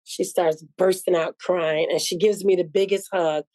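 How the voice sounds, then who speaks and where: Speaking with a lowish, dark-toned voice at a moderate pace and with fairly even intonation, this spice shop owner chats casually as a guest. She tells earnest, heartfelt stories and performs the quoted lines herself.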